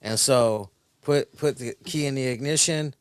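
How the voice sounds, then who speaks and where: A man's voice: medium pitch, unhurried, clear, resonant tone, dry recording. A man co-hosting a podcast, telling a story casually and with heavy swearing, acting out the people involved. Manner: animated, profane, acts out voices. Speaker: podcast co-host.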